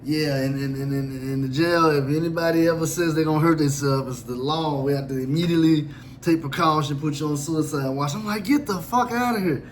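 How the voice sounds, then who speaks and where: A man tells a story from his own life in a loose, comic, profane style, acting out the other people as he goes. His voice sits high for a man, and a faint hiss runs under it. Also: steady tone, a little fast. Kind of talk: casual storytelling.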